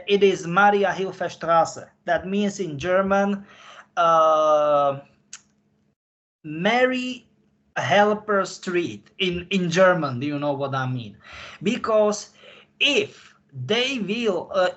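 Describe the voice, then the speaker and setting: A man speaking in casual conversation, halting and searching for his words. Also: sits high, a bit bright. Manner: halting, searching for words in non-native English. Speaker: podcast guest insider. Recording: dull lo-fi audio.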